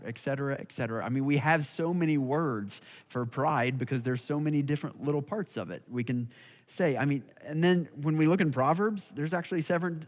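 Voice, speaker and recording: A man teaching a casual church Bible study, talking conversationally and checking in with his listeners. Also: medium pitch. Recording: dull lo-fi recording.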